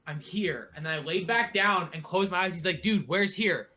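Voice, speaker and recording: Young male podcast host, bright tense voice, animated storyteller who acts out his quotes. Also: high-pitched, moderate pace. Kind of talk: casual storytelling.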